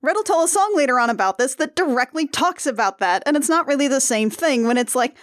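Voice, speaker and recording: A woman talks through a musical in casual conversation, animated and quick to act out quoted lines. Her voice sits fairly high. The recording is dry and close. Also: no echo. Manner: animated, acts out quoted lines, laughs often. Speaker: podcast co-host. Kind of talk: casual chat recapping a musical.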